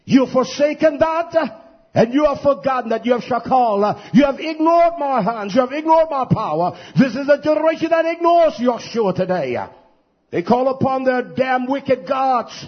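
A man preaching a fiery sermon, stretching his emphatic phrases and filling pauses with "uh". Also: very high-pitched, breathy edge. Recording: dull lo-fi recording.

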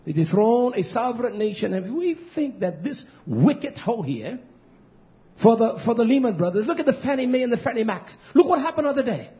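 A high-pitched man delivers a combative, rambling sermon. His voice drops to a mutter, then climbs into shouts. The recording sounds dull and lo-fi. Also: sing-song, a little fast. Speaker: preacher. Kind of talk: fiery sermon.

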